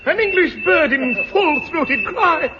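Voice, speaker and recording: An actor playing an excitable, bumbling adventurer who narrates to the listeners in a theatrical 1950s radio comedy. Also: male voice, slow pace, heavily acted. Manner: shrill and theatrical, addresses the listeners. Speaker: hapless hero and narrator. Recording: muffled old radio broadcast, loud studio audience and hiss.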